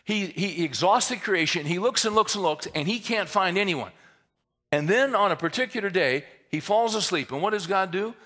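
A man preaching a sermon in an animated way, mixing humorous asides into the teaching. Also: sits high, normal speed. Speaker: pastor.

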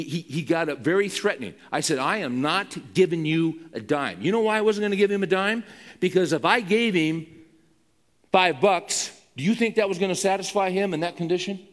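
A male pastor delivers a sermon through an emphatic, conversational story. His voice sits a little high for a man, and it rings with the long reverb of a large hall. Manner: emphatic, conversational, with frequent restarts.

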